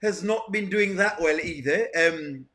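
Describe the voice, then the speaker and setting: A man's voice: high voice, sing-song, takes it slowly, background noise, full character voice. A man voicing a snobbish little boy who puts on a fancy, affected way of talking to look down on his mother. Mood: haughty. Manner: prissy, affected fancy talk.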